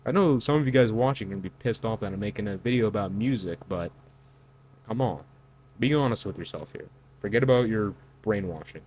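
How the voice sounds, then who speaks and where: A man with a somewhat low voice talks through song lyrics on his channel. He sounds incredulous and preachy, stops and restarts, and fills gaps with "like" and "okay". A faint hum sits under his voice. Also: fairly quick, darkish tone. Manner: incredulous, lecturing, lots of fillers. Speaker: online commentator. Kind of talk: reaction commentary on song lyrics.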